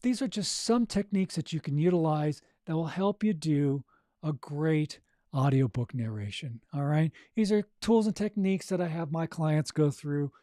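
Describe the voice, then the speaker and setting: A man's voice: a little high, moderate pace, warm tone, dry recording, studio quality. A man coaching audiobook narration on a podcast, encouraging and keeps checking in with "right?" and "okay?". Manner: encouraging, repeats "right?" and "okay?", demonstrates vocal exercises.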